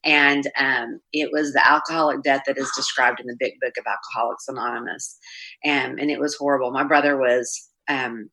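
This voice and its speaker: A middle-aged woman with a low voice tells her recovery story plainly and openly, stopping often to restart a thought. She has a bright, forceful edge and sounds like she is speaking into a video call. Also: steady tone, moderate pace, a little hiss or hum, low-quality recording. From Oklahoma, US. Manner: candid, plainspoken, many ums and restarts. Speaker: Al-Anon speaker. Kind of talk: personal recovery talk at a meeting.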